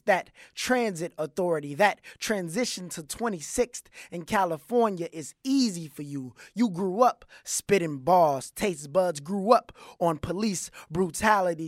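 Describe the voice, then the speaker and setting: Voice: mid-range voice, no room sound, studio quality. A poet performing spoken word verse with rhythmic, emphatic delivery.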